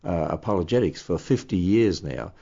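A man's voice: deep voice, lively intonation, normal speed, creaky, mellow, highs cut off. An older man with an Australian accent, a guest in an interview, explaining his views in an earnest, emphatic way.

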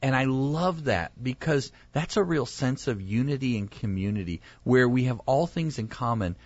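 A man's voice: mid-range voice, normal speed, breathy edge, no room sound, highs cut off. A male pastor chatting casually, telling stories and acting out the people in them. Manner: animated storyteller, acts out quoted voices. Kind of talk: casual chat.

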